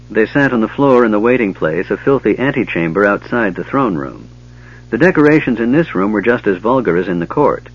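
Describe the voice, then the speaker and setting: A man reading a fantasy novel aloud as narrator, with steady storytelling, in a dull lo-fi recording. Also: lowish voice, a little fast, husky. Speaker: audiobook narrator.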